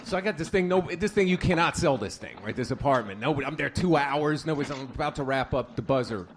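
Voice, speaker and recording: A man's voice: a little high, lively intonation, fast talker, a little hiss or hum. A man doing a stand-up comedy set, telling crude stories and acting out the people in them. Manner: storytelling, crude, acts out stutters. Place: comedy club stage.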